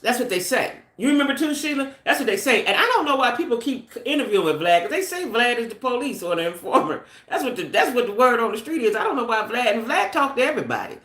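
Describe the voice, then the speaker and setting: A woman's voice: fairly high pitch, lively intonation, quick pace, few pauses, a bit bright, echoey room. A middle-aged American woman hosting a casual gossip live stream, chatty and speculative, talking straight to her viewers. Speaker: channel host.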